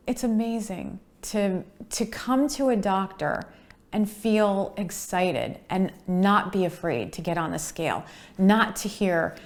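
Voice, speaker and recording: A woman in her fifties telling her own story in a testimonial interview, earnest and unhurried. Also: on the low side. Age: 50s. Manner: earnest, unhurried, acts out quoted voices. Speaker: patient sharing her story.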